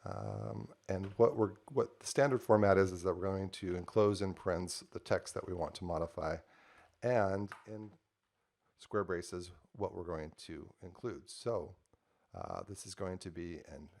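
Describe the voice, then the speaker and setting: A man with a low, gravelly voice talks through a coding demo at his desk. His delivery is loose and conversational, full of ums and uhs as he types and explains each step. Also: normal speed, darkish tone. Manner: loose and conversational with frequent fillers. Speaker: software developer demoing a project. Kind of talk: casual screen-share tutorial.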